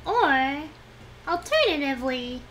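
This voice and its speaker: Her voice sits high and sing-song, slow-paced and fairly bright, as this young VTuber comments casually on her own moves while streaming a game. She sounds whiny and pleading, and a little hiss or hum runs underneath.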